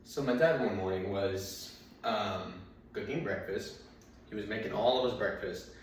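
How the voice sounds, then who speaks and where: Slow-talking man in an echoey room. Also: fairly low pitch. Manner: rambling, filler-heavy anecdotes with frequent restarts. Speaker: stand-up comedian. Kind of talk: stand-up storytelling. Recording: very echoey room, mic far off, faint noise.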